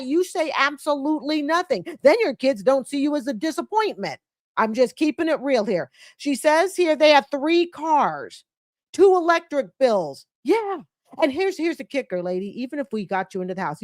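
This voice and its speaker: A woman's voice: fairly high pitch, dry recording, studio quality. A woman in her late fifties, a commentary host who reacts bluntly and scolds with a mocking edge. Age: 50s. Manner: blunt and scolding, mocks with put-on quotes. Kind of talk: commentary on a clip.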